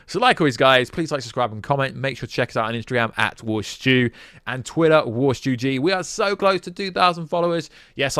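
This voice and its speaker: A man's voice: mid-range voice, clear, resonant tone, no echo, studio quality. Sarcastic British man ranting on camera. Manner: sarcastic, animated, rambling. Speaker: YouTube film news host. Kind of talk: casual commentary vlog.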